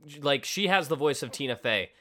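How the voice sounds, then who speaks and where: A man co-hosting a podcast in casual chat, animated and acting out quotes in little voices. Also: fairly high pitch, fairly quick. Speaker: podcast co-host.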